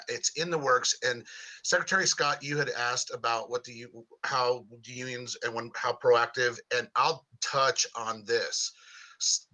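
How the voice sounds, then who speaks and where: A man speaks to a virtual school board meeting over a video call, formal and halting in manner. His voice is strikingly bright and sharp, at an average pitch. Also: poor audio.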